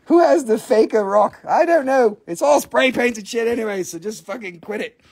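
A man with a high voice hosts a live crystal sale in a loose, joking way. He swears freely and breaks into giggles, and his tone has a gravelly creak. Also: animated, normal speed, darkish tone. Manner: giggly, profane, jokey storyteller. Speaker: host of a live crystal sales stream. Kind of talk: casual live sales chat.

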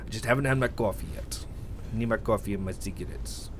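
A man's voice: lowish voice, quick pace, a little hiss or hum. A young man giving casual, joking commentary while playing a game. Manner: chatty, joking asides. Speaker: gameplay streamer. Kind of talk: casual let's-play commentary.

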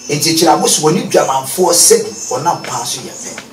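A man's voice: fairly high pitch, a little fast, echoey room, recorded from a distance, a little hiss or hum. A Ghanaian man, a prophet being interviewed, preaching and quoting scripture with rising emphasis.

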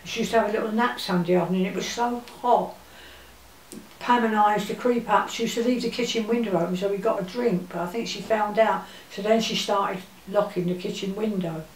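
An elderly English woman recalling her childhood in an interview, speaking in a gentle, halting way with many pauses. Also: mid-range voice, fairly even intonation. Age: older. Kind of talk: reminiscing interview. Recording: roomy, distant mic with faint hiss.

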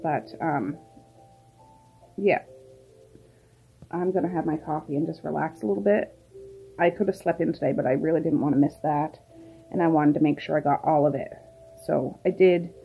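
A woman's voice: deep voice, moderate pace, gravelly, long pauses, dull audio, soft background music. A middle-aged woman chatting casually through her day in a vlog, rambling to the camera and talking to her pets and birds. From Nova Scotia, Canada. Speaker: vlogger.

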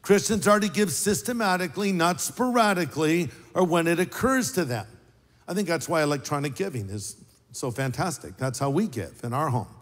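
Older guy preaching, kinda high voice, lively storytelling, echoey big church. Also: moderate pace. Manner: animated storyteller, wry and sarcastic asides. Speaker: pastor. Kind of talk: sermon.

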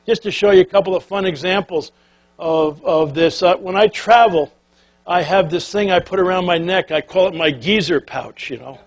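An older man giving a folksy, animated storytelling speech to an audience, acting out voices as he goes. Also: high-pitched, normal speed. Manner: animated, folksy, acts out quotes and quacking sounds. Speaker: keynote speaker.

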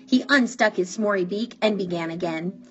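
A woman reading a children's picture book aloud in an animated, expressive way. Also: medium pitch, moderate pace. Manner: animated, drawing out words for effect. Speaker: storybook reader. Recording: dull, muffled recording with faint music.

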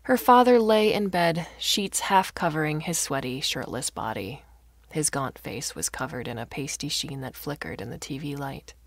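A woman reading a science fiction story aloud as narrator, with expressive delivery. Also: very deep voice, normal speed, dry recording.

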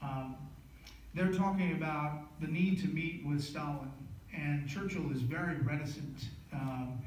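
A man, an author giving a book lecture, telling history as animated stories, recorded from a distance in an echoey hall. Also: fairly high pitch, a little slow, slight background noise. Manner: animated storytelling with frequent fillers and restarts. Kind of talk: storytelling lecture.

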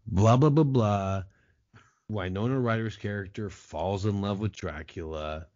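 Man, very low voice, sarcastic and profane, casual podcast chat, dull lo-fi sound. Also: measured pace, a little mellow. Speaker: podcast guest.

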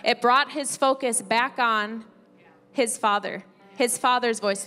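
A woman's voice: on the high side, slow pace. A woman pastor preaching a sermon, reading scripture aloud and explaining it conversationally. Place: church sanctuary. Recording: church hall reverb with soft music.

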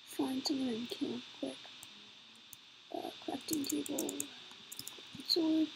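A woman's voice: sits high, fairly even intonation, takes it slowly, vocal fry, noisy background. A woman giving rambling, giggly let's-play commentary, talking to herself as she plays and slipping into joke accents. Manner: rambling, giggly, talks to self while playing. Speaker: gameplay commentator.

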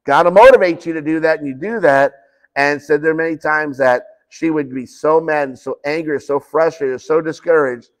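A man's voice: a little high, moderate pace. A man preaching a conversational sermon in a church, often restarting phrases and acting out quoted conversations. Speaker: pastor. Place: church sanctuary.

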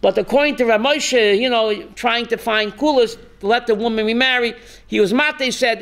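Male rabbi, animated storyteller, high voice, gravelly fry, addresses students by name. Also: moderate pace. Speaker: rabbi teaching a class. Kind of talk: storytelling Torah class.

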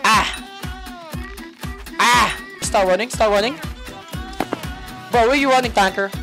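High-voiced taunting gamer over music. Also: female voice, slow pace. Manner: loud, taunting, slangy, often yelling. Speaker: gaming video creator. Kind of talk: excited gameplay commentary with trash talk. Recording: loud game music behind voice.

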